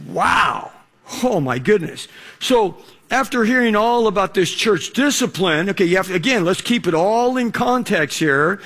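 High-voiced pastor. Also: male voice, lively intonation, a bit bright. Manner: conversational, full of fillers, slowing for scripture. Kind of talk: sermon.

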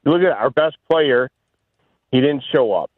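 A man calls in to a sports talk radio show over a tinny phone line. He rambles along and leans on "you know" constantly. His pitch is ordinary and the sound is dry. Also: lively intonation, normal speed, no room sound. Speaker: radio caller. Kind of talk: call-in radio.

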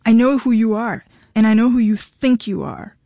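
A woman's voice: a little high, moderate pace, mellow, no echo. A woman reading a desperate pleading husband. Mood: insistent. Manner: insistent, voice cracking. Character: desperate pleading married man.

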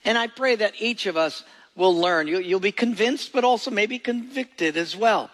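A man's voice: high voice, moderate pace, fairly bright tone. A male pastor giving a sermon with folksy jokes and emphatic, storytelling delivery.

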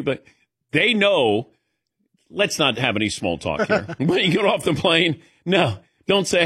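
A man's voice: fairly high pitch, normal speed, husky. A man hosting a radio talk show, chatting casually and animatedly with his co-hosts and calling on them by name. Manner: animated, calls on co-hosts by name, breaks into laughs. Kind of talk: casual studio banter.

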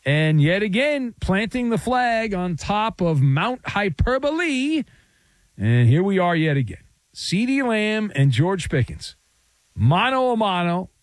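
Lively, wisecracking male sports host. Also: high-pitched, slow, no room sound. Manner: wisecracking, sarcastic, playful riffs. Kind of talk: sports talk monologue.

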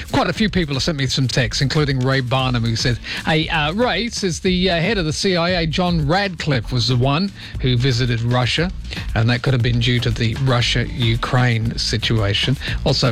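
An Australian man hosting late-night talkback radio, with an easygoing, rambling manner. He pokes fun at himself as he talks, in a mid-pitched voice. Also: fairly bright tone. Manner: chatty, rambling, self-deprecating. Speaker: radio host.

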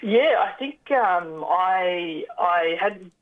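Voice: medium pitch, animated, extremely slow. A guest speaking in a phone interview, hesitant and full of fillers and restarts. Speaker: community organisation representative, guest. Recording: tinny phone line.

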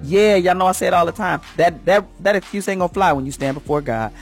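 A woman's voice: lowish voice, quick pace, faint music behind. A woman hosting a morning radio segment, talking like a preacher in a fervent, folksy way with a church first lady's conviction. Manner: fervent, folksy, swoops up and down for emphasis.

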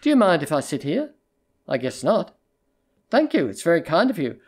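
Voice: medium pitch, big pitch swings, moderate pace, slightly rough. A storybook reader voicing a distraught young woman who pleads and threatens in a tense, urgent way. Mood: pleading.

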